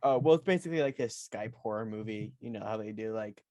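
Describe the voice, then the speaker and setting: A man's voice: lowish voice, fast, mellow, no room sound. A man co-hosting a podcast, talking loosely with lots of fillers and light teasing. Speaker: podcast co-host. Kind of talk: casual chat.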